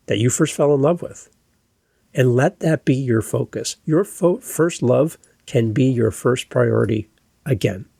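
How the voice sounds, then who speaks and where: A man's voice: mid-range voice, gravelly, a little mellow, husky, no echo, studio quality. A man hosting his own solo podcast, talking in an earnest, reassuring and conversational way. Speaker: podcast host.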